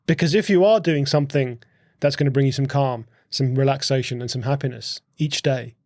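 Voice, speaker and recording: A man talks on a podcast in a gravelly, creaky voice and works through his points with rhetorical questions. He often repeats words as he thinks. The sound is dry and close, with no room echo. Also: mid-range voice, fairly quick, a little mellow. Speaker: podcast guest, host's husband. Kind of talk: casual conversational explaining.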